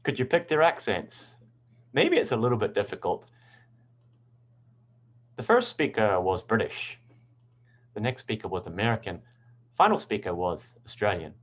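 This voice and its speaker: A man's voice: lowish voice, very animated, normal speed, long pauses, muffled recording. A man teaching English pronunciation, explaining patiently step by step. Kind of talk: explanatory lesson.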